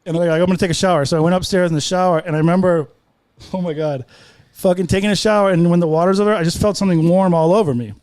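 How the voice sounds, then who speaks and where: Comedian guy rattling off crude stories fast, high voice, dry studio sound. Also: steady tone, darkish tone, no echo. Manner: rambling, profane, acts out quoted voices. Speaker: guest comedian. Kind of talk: casual podcast storytelling. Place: podcast studio.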